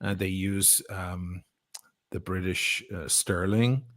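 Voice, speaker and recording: A middle-aged Irish man telling stories in a casual chat, animated and quick to swear and laugh. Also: deep voice. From Ireland. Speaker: guest.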